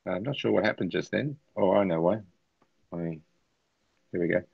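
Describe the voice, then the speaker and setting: A man's voice: low voice, fairly quick, creaky, husky, no room sound, dull audio. A man hosting a casual live chat over a video call, telling anecdotes and laughing often as he goes. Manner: chatty, laughs through anecdotes.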